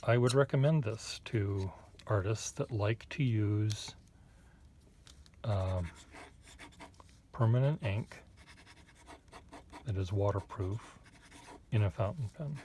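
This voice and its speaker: Give me a man with a lowish voice, rambling and hesitant as he chats while drawing at his desk, with faint pen scratching behind him. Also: slow, long pauses, dark tone, slight background noise. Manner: rambling, hesitant, wry asides to viewer. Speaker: artist reviewing pens. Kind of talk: casual chat while drawing.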